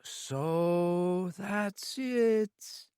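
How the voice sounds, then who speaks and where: A man's voice: high-pitched, a little mellow, clear, resonant tone, no room sound, clean studio sound, pitched above the performer's own voice. A man voicing a small, fat, frightened club owner with a thick voice in an audiobook. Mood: fearful. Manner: pleading, panicky, drawn-out. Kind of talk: audiobook character reading.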